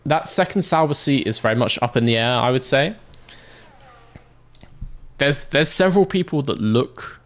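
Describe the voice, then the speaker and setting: Lively chatty British man streaming. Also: mid-range voice, normal speed, pauses often. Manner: chatty, laughs often, answers viewer comments. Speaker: game streamer. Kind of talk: casual livestream chat.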